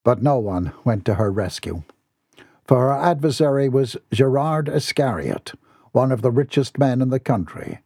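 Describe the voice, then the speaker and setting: Gravelly, husky male audiobook narrator. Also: mid-range voice, animated, normal speed, warm tone, dry recording, studio quality. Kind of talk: scripted narration.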